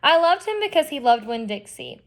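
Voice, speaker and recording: A woman's voice: sits high, very animated, moderate pace. A woman reading a children's novel aloud expressively, with chatty asides to her listeners. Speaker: reader.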